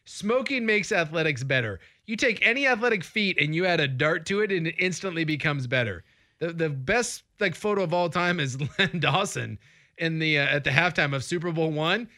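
A man riffs on sports with playful, tongue-in-cheek opinions. His bright voice swings lively up and down, and it sits a little high. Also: moderate pace. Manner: playful, jokey hot takes. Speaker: podcast co-host. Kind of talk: casual sports chat.

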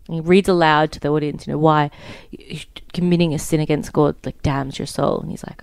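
A woman's voice: sits low, steady tone, brisk, gravelly, hardly any pauses, darkish tone, clear, resonant tone, no room sound. A young woman in her twenties co-hosting a casual podcast, telling a story in a chatty way with lots of fillers. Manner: chatty, many fillers, laughs easily. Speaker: podcast co-host.

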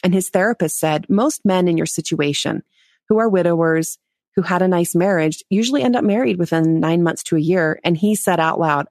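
A woman in her forties, a podcast guest, telling a personal story in an animated way, acting out quotes and laughing. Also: lowish voice, brisk, dry recording, studio quality. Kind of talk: storytelling interview.

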